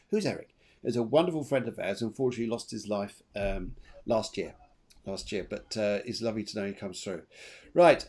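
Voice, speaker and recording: A man hosting a live show and giving psychic readings in a chatty, animated way, laughing often. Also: mid-range voice. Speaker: medium and show host.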